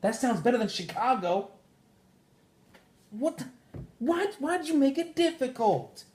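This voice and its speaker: A man's voice: extremely high pitch, sing-song, unhurried, a little mellow. A man hosting a podcast, ranting casually and profanely, with mock voices for the people he quotes. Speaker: podcast host. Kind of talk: casual chat.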